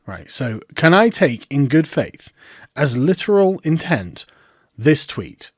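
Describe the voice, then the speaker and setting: A man's voice: medium pitch, very animated, slow pace, slightly rough, no room sound. A man giving sarcastic commentary in a mocking, incredulous way, close to the mic. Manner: mocking, incredulous, breaks into laughter. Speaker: online commentator.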